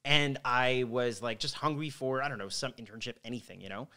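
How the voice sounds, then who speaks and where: A man's voice: medium pitch, brisk, sharp tone. A young man from Montreal, a podcast guest in a studio, telling his story in a loose, casual way with plenty of swearing. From Montreal, Canada.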